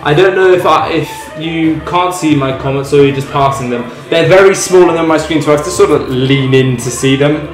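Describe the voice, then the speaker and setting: A man's voice: fairly high pitch, normal speed, few pauses. A young British man hosting a livestream, chatting casually and rambling with many ums while he cooks. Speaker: livestream host. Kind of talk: casual chat while cooking and reading chat. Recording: roomy echo, faint music behind.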